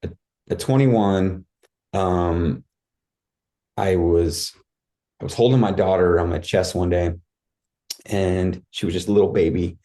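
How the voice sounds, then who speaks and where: A man's voice: sits low, fairly even intonation, measured pace, long pauses, warm tone. A man guest on a podcast, telling his life story in a candid, rambling way with many fillers and restarts. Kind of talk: casual storytelling.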